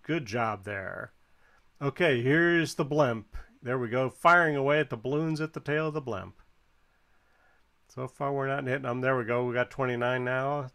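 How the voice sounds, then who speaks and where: Watching another player's flight game, this man chimes in with casual, encouraging commentary and counts the balloon score out loud. He has a fairly high-pitched, fairly bright voice.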